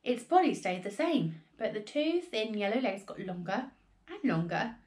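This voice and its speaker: A woman's voice: medium pitch, moderate pace. Woman reading a children's book aloud. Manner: expressive storytelling. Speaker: teacher.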